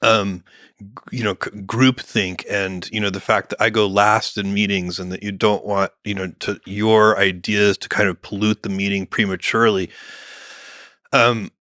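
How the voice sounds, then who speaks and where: A middle-aged man talking in a relaxed podcast conversation, measured and thinking aloud with many fillers and restarts. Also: fairly low pitch, dry recording, clean studio sound. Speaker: guest, company founder.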